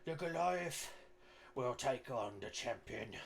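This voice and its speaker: A man voicing a boastful male goblin arena announcer who shouts in broken grammar. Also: mid-range voice, animated, takes it slowly, vocal fry. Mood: bellowing.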